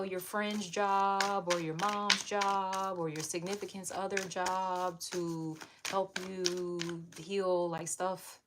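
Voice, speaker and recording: A woman giving a casual tarot reading, candid and chatty, who swears freely and laughs often. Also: on the low side. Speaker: tarot reader. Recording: audible background noise.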